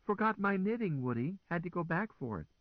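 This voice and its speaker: A composed, wry woman in command gives orders and teases her crew, as a man acts her out. Her pitch sits raised and moves lively. The sound is dry and slightly dull. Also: a little fast, dry recording. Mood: teasing. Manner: calm, teasing, soothing. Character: calm, wry woman commodore.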